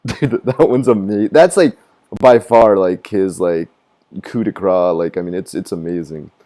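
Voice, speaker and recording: A man on his live stream, chatting casually and rambling with a lot of swearing. He laughs at his own jokes and does high mocking voices of other people. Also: unhurried, warm tone. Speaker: gaming streamer. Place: living in Japan.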